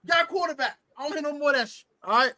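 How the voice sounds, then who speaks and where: A man hosting a sports show cuts loose with a loud, emphatic rant full of cursing. His voice has a bright, forceful edge. The sound is dry, with no room around it. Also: very high-pitched, racing, no room sound. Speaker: podcast host. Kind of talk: profane sports-fan rant.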